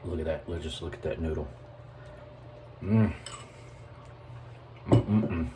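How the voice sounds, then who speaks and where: A very deep-voiced Southern US man speaks slowly as he hosts a casual cooking vlog in his own kitchen, with background noise audible. He chats with viewers in a folksy way and calls them y'all.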